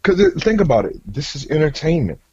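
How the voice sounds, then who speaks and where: Brief: laid-back male co-host, warm husky tone, dull lo-fi mic. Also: on the high side, very animated, a little fast. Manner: laid-back, agreeable, says "man" often. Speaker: podcast co-host, musician. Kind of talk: casual chat.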